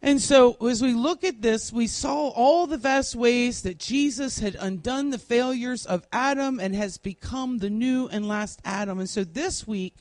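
A woman teaching a Bible class in a classroom, deliberately spelling out word meanings one at a time while she writes on a board. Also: fairly high pitch, darkish tone, no room sound.

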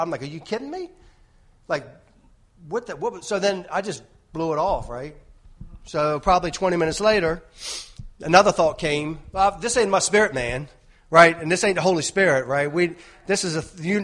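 A man's voice: high-pitched, fairly bright tone. A man giving an informal sermon, telling a rambling personal story with many restarts and "right?" tags. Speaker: lay preacher.

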